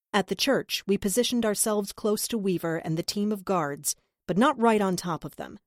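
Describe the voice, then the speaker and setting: A woman reading a crime novel aloud in first person, with measured, intimate storytelling. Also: medium pitch, no echo, studio quality. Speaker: audiobook narrator. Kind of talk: first-person scripted narration.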